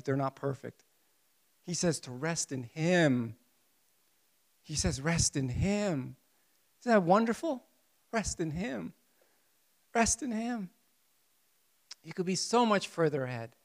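Impassioned high-voiced male preacher. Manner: impassioned, acts out prayers, swings from hushed to loud. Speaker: pastor. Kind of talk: sermon.

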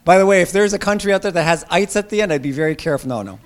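A man preaching a sermon with emphasis, reading scripture slowly and asking his listeners questions. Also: sits high, lively intonation. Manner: emphatic, asks the congregation questions; reads scripture aloud slowly. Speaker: pastor.

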